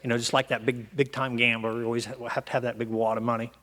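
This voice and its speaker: A middle-aged man from Ohio speaking at a recovery meeting, telling his story in an animated way and acting out the dialogue in voices. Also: mid-range voice, quick pace. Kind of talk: storytelling talk to an audience.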